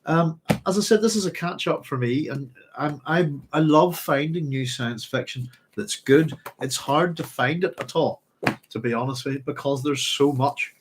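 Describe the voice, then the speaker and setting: A man's voice: a little high, moderate pace, noisy background. A man hosting a live chat, rambling and hesitant as he reads out viewer comments. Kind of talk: casual live-stream chat.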